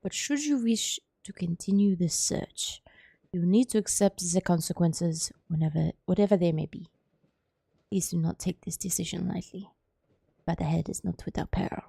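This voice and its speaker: A grave older German psychiatrist from a mystery game, as a woman puts him on, speaking with an attempted German accent. He talks in a hushed, measured, solemn way. The voice is low and gravelly. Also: no room sound.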